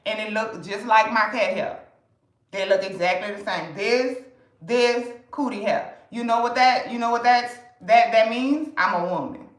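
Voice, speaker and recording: A fairly high-pitched, slightly slow female voice in a reverberant, rough recording. She's a New Orleans woman with the local accent, selling to customers on a livestream and chatting casually, bluntly, talkatively, and with plenty of swearing.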